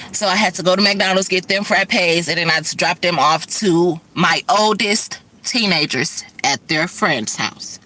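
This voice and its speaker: Middle-aged woman, rambling casual vlog talk, speeds up and swears freely, bright, forceful tone. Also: medium pitch, slight background noise. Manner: fast-talking, profane, rambling. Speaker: vlogger and rideshare driver. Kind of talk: casual chat to camera.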